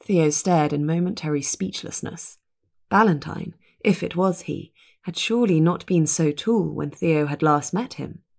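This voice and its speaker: Woman audiobook narrator, low and creaky, measured. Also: darkish tone. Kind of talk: scripted narration.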